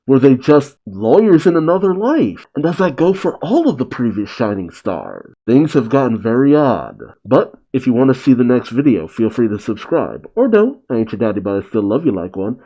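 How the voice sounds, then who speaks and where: A man hosting a comic reaction channel, reading a chapter aloud and breaking off into bewildered, animated asides. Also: mid-range voice, normal speed, hardly any pauses, low-quality recording.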